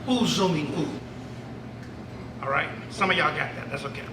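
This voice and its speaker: A man's voice: on the high side, moderate pace, noisy background. A man telling a folktale live as a griot storyteller, playful and getting the audience to join in, heard from a distance in an echoey event hall.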